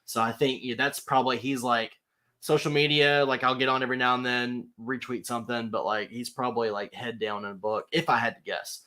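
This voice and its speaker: A man appearing as a guest on a casual live-stream chat, speaking enthusiastically with quick restarts and chuckles. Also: medium pitch, level tone, bright, forceful tone.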